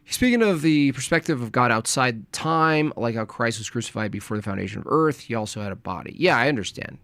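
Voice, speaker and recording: Lively, hedging male streamer. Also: medium pitch, brisk, dry recording. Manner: hedging, self-deprecating, rambling. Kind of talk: casual livestream chat.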